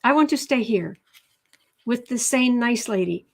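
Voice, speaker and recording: Woman, fairly high voice, tarot livestream host, talkative and overheated, casual home setup. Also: animated, measured pace, vocal fry. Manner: chatty, reads viewer comments aloud, stumbles and restarts. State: overheated and sweaty. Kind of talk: casual live-stream chat. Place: indoor room at home.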